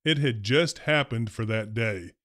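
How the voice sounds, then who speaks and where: Man, principal storyteller, wry deadpan humor, steady mid-pitched voice, dry close sound. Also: unhurried, dry recording. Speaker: retired school principal telling stories. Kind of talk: first-person storytelling narration.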